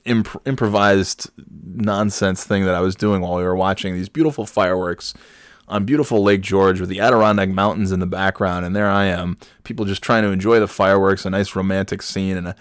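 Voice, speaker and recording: A man's voice: sits low, steady tone, brisk, clear, resonant tone, no room sound, studio quality. A man hosting his own podcast, rambling in a self-deprecating way and laughing at his own jokes. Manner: breaks into loud mock announcer bits. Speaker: podcast host. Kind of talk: casual solo podcast monologue.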